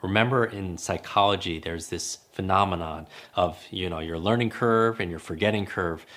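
Brief: deep-voiced male coach, upbeat podcast teaching, punchy repeated phrases. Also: normal speed. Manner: energetic, repeats key phrases for emphasis.

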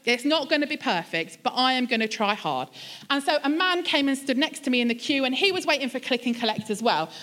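A woman pastor in her younger years gives a conversational sermon. Her pitch sits a little high and swings widely as she moves between scripture and funny, self-deprecating stories. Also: a little fast. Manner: lively, chatty storytelling with self-deprecating humor.

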